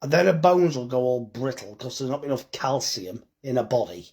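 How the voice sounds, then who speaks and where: A man's voice: mid-range voice, moderate pace, darkish tone. A tired man, chatting bluntly and joking with swearing while reading comments on a live phone stream about his butcher's shop.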